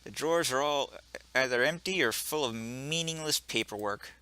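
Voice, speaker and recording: A man voicing a sardonic gentleman cat burglar in a put-on British accent, deadpan and wry, for a video game. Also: mid-range voice, moderate pace, clear, resonant tone, natural voice. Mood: dry. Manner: dry, deadpan, wry asides. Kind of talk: video game voice-over reading.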